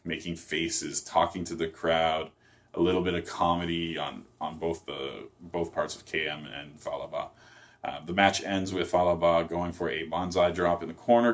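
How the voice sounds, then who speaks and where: A man reviewing a wrestling show on his own, recapping segments in a loose, rambling way with lots of fillers and self-corrections. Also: low-pitched. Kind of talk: casual solo review recap.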